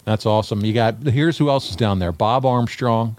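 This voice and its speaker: A man's voice: medium pitch, moderate pace, darkish tone, no echo. A man with a mid-range voice hosts a podcast. He sounds eager as he reads off lists of names and sets up clips. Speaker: podcast host. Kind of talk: casual podcast chat.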